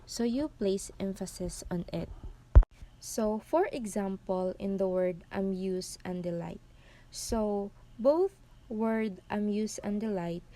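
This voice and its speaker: A young woman giving a classroom report, slowly and carefully explaining poetry terms as she reads definitions aloud. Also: mid-range voice, dark tone. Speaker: student presenter.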